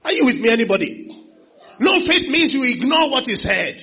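A preacher giving a sermon in a church, calling on the congregation for responses and swinging from quiet asides to loud exclamations. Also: male voice, very high voice, sing-song, fairly quick, breathy edge. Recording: dull lo-fi sound.

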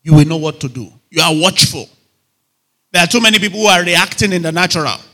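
Fast, bright and forceful, a man with a slightly high voice preaches an emphatic, repetitive sermon. He keeps checking whether his listeners are still there.

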